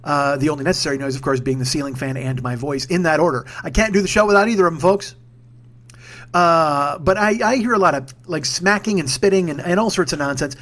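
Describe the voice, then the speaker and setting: A man in his forties hosts a casual solo podcast from a home room where a ceiling fan hums. He rambles, swears and mocks himself, speaking a bit back from a sock-covered mic. His voice is fairly high, a bit bright and fairly quick.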